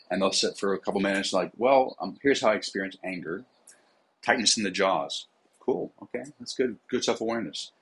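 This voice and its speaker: A man's voice: sits low, slightly rough, poor audio. A man, a psychotherapist and coach, talking casually in a podcast interview, with many fillers.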